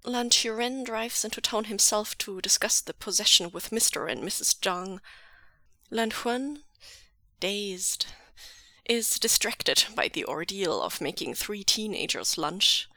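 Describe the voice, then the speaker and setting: Here is a woman reading a story aloud in a slow, measured way, her voice soft and often near a whisper. Her tone is bright and close-miked. The sound is dry with no room echo. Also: medium pitch, expressive. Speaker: podfic reader. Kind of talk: reading fan fiction aloud.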